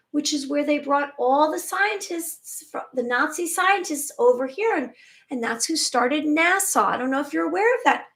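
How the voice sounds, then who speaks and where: A high-voiced woman talks straight to her live viewers. She sounds emphatic and chatty, and now and then she restarts a word before carrying on. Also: a bit bright. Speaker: spiritual channel host. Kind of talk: live-stream monologue.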